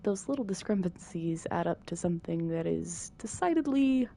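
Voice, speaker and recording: Low, gravelly-voiced woman narrator. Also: lively intonation, normal speed, mellow, a little hiss or hum. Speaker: narrator reading a visual novel. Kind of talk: soft bedtime narration.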